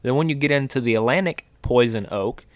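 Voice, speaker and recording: A man's voice: mid-range voice, a little fast, dry recording. A middle-aged man, co-hosting an outdoors podcast and explaining at length with frequent restarts and fillers. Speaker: podcast co-host, wildlife biologist. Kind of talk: casual podcast chat.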